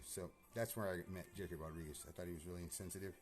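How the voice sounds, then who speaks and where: A man's voice: deep voice, fast talker. A man telling a long, agitated personal story in a rambling monologue, full of swearing, repeated words and fillers. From California. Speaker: vlogger.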